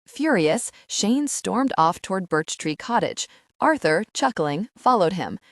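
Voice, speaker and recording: A woman's voice: medium pitch, big pitch swings, unhurried, no echo, clean studio sound. A woman reading a first-person audiobook aloud, telling the story expressively and giving the characters' lines voices of their own. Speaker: audiobook narrator.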